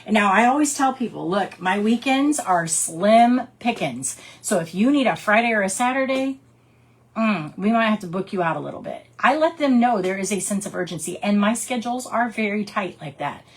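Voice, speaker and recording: A woman who works as a direct sales consultant, giving her team casual coaching and acting out customer conversations in lively quick put-on voices. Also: medium pitch, husky. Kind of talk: casual training talk with storytelling.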